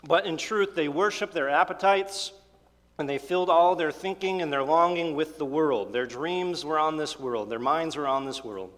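A male pastor preaching with earnest emphasis, his voice sitting a little high for a man. He presses on key words and pauses between phrases. The sound hangs in a long hall reverb. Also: a bit bright. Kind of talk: sermon.

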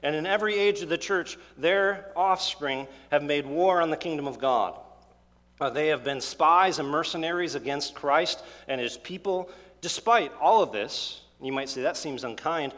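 A man's voice: a little high, a bit bright. Earnest male pastor in a reverberant hall. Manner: earnest preaching with rising emphasis and pauses. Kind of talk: sermon.

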